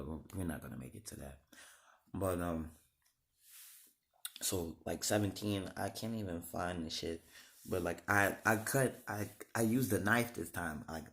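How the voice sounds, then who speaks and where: A man in his thirties telling his life story to camera, halting and rambling with many restarts and blunt swearing. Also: low voice. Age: 30s. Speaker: vlogger.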